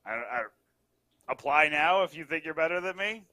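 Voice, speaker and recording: A man's voice: fairly high pitch, moderate pace, dry recording. A man who edits a sports site, chatting casually as a guest on a podcast, joking and drifting into asides. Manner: animated, jokey, trails off into asides.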